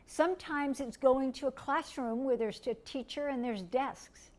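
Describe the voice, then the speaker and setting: A middle-aged woman from the United States, teaching a lecture in a gentle, step-by-step way and asking her listeners questions. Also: high-pitched, measured pace. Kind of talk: recorded lecture.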